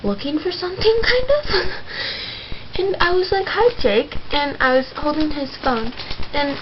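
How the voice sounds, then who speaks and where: Woman doing a high-voiced naive teen girl, giggly, rambling, slow-paced, character vlog, dull lo-fi recording. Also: background noise. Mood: chatty. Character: naive chatty 14-year-old girl vlogger.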